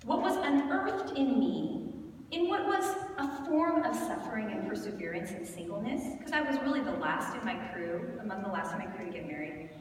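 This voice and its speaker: A woman in her thirties giving a candid, animated storytelling sermon at a conference, often laughing as she talks. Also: medium pitch, normal speed. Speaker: conference speaker. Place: large conference hall. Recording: echoey hall from far off, noisy.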